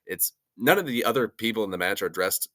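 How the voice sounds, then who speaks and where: A man's voice: fairly low pitch, animated, fairly quick, bright, forceful tone. A man giving a casual, joking review of a wrestling show, often laughing between remarks.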